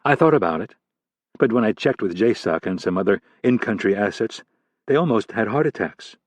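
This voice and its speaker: A man voicing a calm, middle-aged woman intelligence chief in an audiobook, measured and composed. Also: on the low side, no echo.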